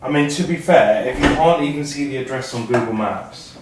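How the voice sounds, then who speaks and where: A man's voice: mid-range voice, brisk, very noisy. Sweary man in an echoey kitchen. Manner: chatty, sweary, self-deprecating. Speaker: musician vlogger. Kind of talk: casual rambling vlog. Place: home kitchen, cooking. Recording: echoey kitchen with faint clatter.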